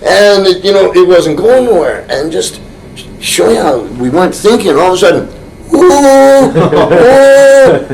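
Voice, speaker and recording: A man as an interview guest, telling a rambling anecdote full of restarts, often chuckling and getting animated. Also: high-pitched, normal speed, vocal fry, a little hiss or hum, rough recording.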